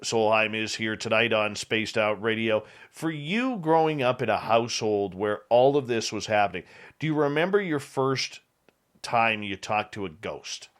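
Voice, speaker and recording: A man's voice: lowish voice, lively intonation, normal speed. A man hosting a late-night radio talk show, asking questions and chatting agreeably with his guest. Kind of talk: interview host.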